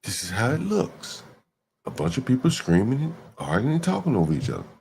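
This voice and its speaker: A man's voice: mid-range voice, huge pitch swings, a little fast, vocal fry, a little mellow, a little hiss or hum. A man hosting a livestream, talking emphatically in repeated rhetorical questions. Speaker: livestream host. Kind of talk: ranting livestream commentary.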